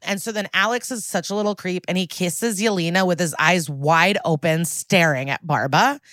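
A woman's voice: lowish voice, moderate pace, no echo, studio quality. A woman co-hosting a podcast, recapping a TV episode in casual chat, acting out the characters' lines and swearing freely as she comments. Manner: animated, acts out characters' lines.

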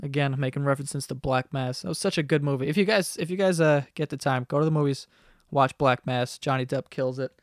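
In a home basement bedroom, a man in his 20s rambles through his solo podcast, swearing casually and joking about himself. His mid-range voice moves at a brisk pace. The podcast-microphone recording sounds clean and studio-like, with no room sound.

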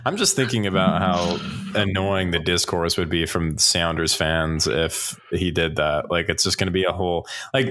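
Low-voiced rambling man. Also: normal speed, fairly bright tone, a little hiss or hum. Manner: rambling, self-interrupting, laughs often. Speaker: podcast panelist. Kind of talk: casual chat.

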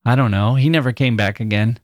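A man's voice: mid-range voice, fairly quick, dry recording, studio quality, lightly acted. A man voicing an old village man with a thin, piping voice. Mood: matter-of-fact.

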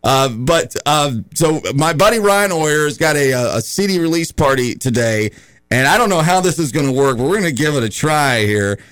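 A man's voice: fairly high pitch, lively intonation, normal speed, fairly bright tone, clear, resonant tone, no room sound. A man hosting a radio talk show, talking in an opinionated, conversational and rambling way in a studio.

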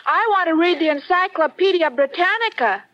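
A woman's voice: extremely high pitch, expressive, normal speed, lo-fi sound, crowd noise. An actress playing a naive, giggly young woman who fakes being ill, in 1940s radio comedy style. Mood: sweetly earnest. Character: scatterbrained young woman faking illness. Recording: scratchy old radio recording.

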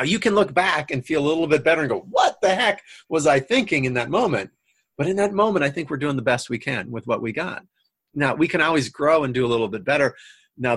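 A man guest on a coaching talk show, calmly explaining his personal philosophy like a trainer. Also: mid-range voice, slightly rough, no echo. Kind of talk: conversational interview.

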